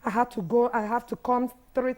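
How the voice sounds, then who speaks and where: A woman in her fifties with a Nigerian English accent and a hoarse voice, telling her personal story haltingly as a guest on a TV panel. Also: on the high side, fairly even intonation, a little mellow. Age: 50s. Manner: halting, restarts and repeats as she recalls. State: hoarse, has lost her voice. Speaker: guest, widows' foundation founder.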